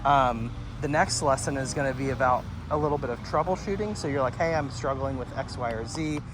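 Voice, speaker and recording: Calm man coaching a dog owner. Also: medium pitch, fairly quick, noisy background. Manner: calm instructive, frequent praise. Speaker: dog trainer. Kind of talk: hands-on coaching. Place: outdoors at a house doorway and yard.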